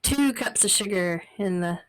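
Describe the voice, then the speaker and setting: Woman co-host, blunt, casual swearing, hot loud mic with faint hiss. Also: medium pitch, animated, a little slow. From American South. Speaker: podcast co-host. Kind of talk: casual chat. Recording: recorded too loud, faint noise.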